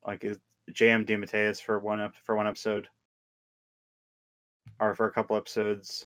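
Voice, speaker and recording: Man podcast host, dry and matter-of-fact, low monotone, smooth voice. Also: normal speed, no room sound. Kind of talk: casual podcast chat.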